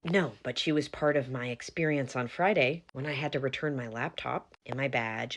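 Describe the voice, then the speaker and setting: A woman's voice: rumbling low, normal speed, few pauses. A young woman narrating her own story and acting herself out, earnest, polite but firm. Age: young adult.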